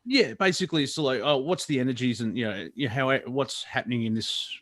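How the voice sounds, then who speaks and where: A man calling in to a talk show, speaking haltingly with many fillers and laughing often. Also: medium pitch, fairly bright tone, no echo. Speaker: caller. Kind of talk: casual chat.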